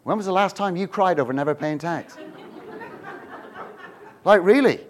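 Middle-aged male preacher, high-pitched, animated storyteller. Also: moderate pace, some chatter behind, a little hiss or hum. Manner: animated storytelling, swings from hushed to shouting. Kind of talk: sermon.

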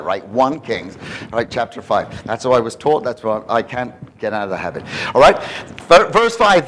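A man preaching a lively expository sermon to a congregation, often asking them questions. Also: mid-range voice, slight background noise, rough recording.

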